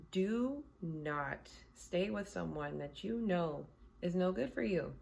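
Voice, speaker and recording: A woman's voice: on the low side, creaky. A woman who reads tarot, talking casually from her home in a blunt, candid, conversational way. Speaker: tarot reader. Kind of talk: casual chat.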